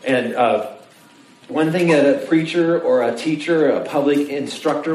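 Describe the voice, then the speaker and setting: A man preaching a sermon in a casual, joking way, acting out the voices of his listeners. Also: on the high side. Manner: animated, jokey, acts out voices of listeners. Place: church sanctuary. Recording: roomy, distant mic with faint noise.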